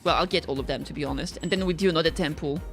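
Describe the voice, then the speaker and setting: A woman's voice: deep voice, very fast, soft background music. A woman livestreaming a game, chatting with her viewers in a bubbly, playful and self-mocking way. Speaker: streamer. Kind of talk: casual gaming livestream chat.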